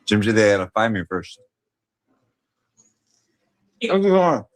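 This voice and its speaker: A man's voice: lowish voice, sing-song, takes it slowly, no echo. A tipsy man live streaming while walking outdoors, rambling and bantering rowdily with his chat on a handheld phone. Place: outdoors on town streets.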